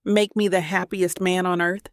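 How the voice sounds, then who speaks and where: A woman narrator voicing a tender, apologetic young husband in an audiobook, speaking softly and sincerely. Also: lowish voice, little pitch movement, normal speed, dry recording, clean studio sound, close to an everyday voice. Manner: soft, sincere, pleading. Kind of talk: audiobook character voice.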